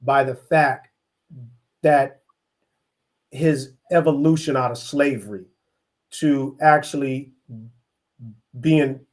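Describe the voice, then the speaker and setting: A middle-aged man from East Oakland, telling his life story as an interview guest, earnest and halting with many restarts. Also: mid-range voice, steady tone. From East Oakland, California. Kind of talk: reflective personal storytelling.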